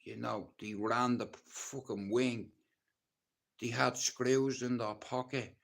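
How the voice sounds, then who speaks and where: A man with a Dublin accent speaks in a blunt, intense way. He talks casually and swears freely as he tells his own rough life story to a livestream audience. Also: mid-range voice, fairly even intonation, takes it slowly, a bit bright. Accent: Dublin Irish.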